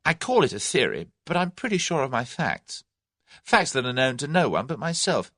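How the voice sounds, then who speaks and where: A man's voice: mid-range voice, big pitch swings, moderate pace, a bit bright, no room sound, studio quality, voice pushed up. An actor reading the part of a brash young Englishman who taunts and bluffs his captors. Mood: cocky. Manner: cocky, taunting.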